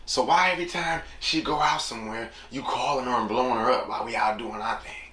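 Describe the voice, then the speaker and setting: A man's voice: mid-range voice, fast, pushed and bright. A man hosting a casual solo podcast, talking loosely and slipping into voices when he quotes people. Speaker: podcast host. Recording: echoey room with noticeable background noise.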